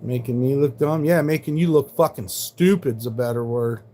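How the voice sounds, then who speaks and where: A man's voice: medium pitch, normal speed, warm tone, slight background noise. A man in his forties, live streaming and arguing with trolls in chat, combative and full of profanity. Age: 40s.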